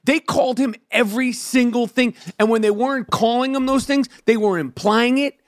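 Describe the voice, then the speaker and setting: A man's voice: very high voice, moderate pace, no room sound, studio quality. A man in casual chat, ranting heatedly with lots of swearing.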